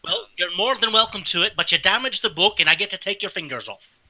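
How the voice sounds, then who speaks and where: A man voicing a gruff male bartender in a tabletop game, loud and blunt. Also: sits high, expressive, fast, voice pushed up, exaggerated voice, poor audio. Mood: threatening.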